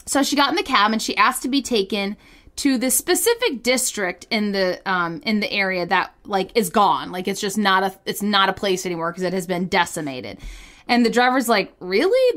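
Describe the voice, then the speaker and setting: A woman co-hosting a podcast, telling a story in casual chat, giggly and animated with lots of fillers. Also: mid-range voice. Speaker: podcast co-host.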